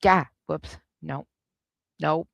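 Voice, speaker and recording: A woman's voice: low voice, drawn-out words, creaky, no room sound. A woman hosting a live reaction stream, giving sarcastic, snarky commentary.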